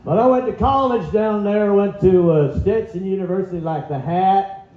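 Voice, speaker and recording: A man's voice: sits high, moderate pace. A male stand-up comedian doing a self-deprecating set in a small club, with stammering fillers. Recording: dull echoey club sound.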